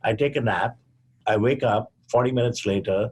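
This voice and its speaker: An older man from India, a physician guest on a podcast, telling a story in a measured way and acting out the quoted dialogue. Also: on the low side, breathy edge.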